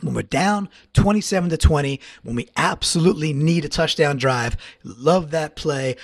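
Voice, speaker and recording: A man talking fast and with feeling through a solo sports recap, stacking up repeated phrases for emphasis. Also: a little high, gravelly, dry recording, clean studio sound. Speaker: podcast contributor.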